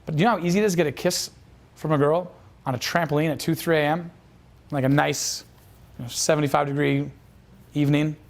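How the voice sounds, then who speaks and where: A man's voice: on the high side, steady tone, fast, pauses often. A man telling a dating coach's story as a lesson, casual and profane, with lots of fillers. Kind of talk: instructional storytelling.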